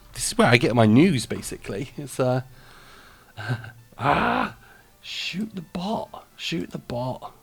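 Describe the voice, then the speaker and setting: Host di uno stream, voce maschile media, chiacchierone e divagante, leggera musica di sottofondo. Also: male voice, medium pitch, fairly bright tone, no echo. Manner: rambling, chatty, laughs often. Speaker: radio show host and streamer. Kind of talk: casual live-stream chat.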